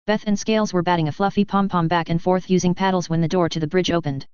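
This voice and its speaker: A woman reading a story aloud in an even, measured audiobook narration. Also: on the low side, smooth, no room sound, dull audio.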